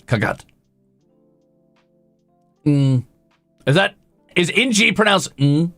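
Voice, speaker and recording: Gravelly, animated male streamer. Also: medium pitch, normal speed, dry recording, soft background music. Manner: rambling, self-deprecating, talks to chat. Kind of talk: casual livestream chat.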